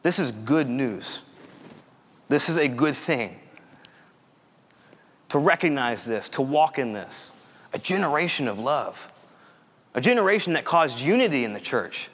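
A man's voice: medium pitch, animated, a little slow, pauses often, fairly bright tone. Young man preaching in a reverberant hall. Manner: earnest, conversational preaching with storytelling. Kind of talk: sermon.

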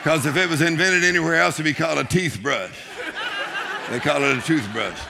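A man preaching a humorous sermon, joking and urging the congregation on with shouts and laughter. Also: on the high side, a little fast, creaky, background noise.

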